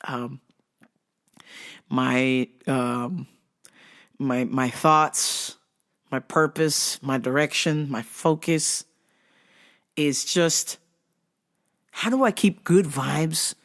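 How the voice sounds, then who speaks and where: A woman's voice: extremely low pitch, drawn-out words, long pauses. Woman host, casual storyteller, profane, laughs often. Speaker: vlog host.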